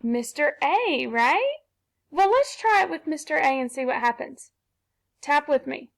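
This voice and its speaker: A patient woman teacher guides young children through phonics, tapping out each sound before blending it into a word. Her voice sits high, with a gravelly edge to it, and she takes her time. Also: expressive. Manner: slow, patient, sounding out syllables.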